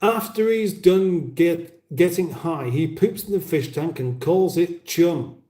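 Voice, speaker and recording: Man, British accent, 50s, livestream host, rambling wry banter, mellow voice, echoey kitchen. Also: fairly high pitch, slow pace. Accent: British English. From England. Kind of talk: casual livestream chat reading comments. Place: home kitchen.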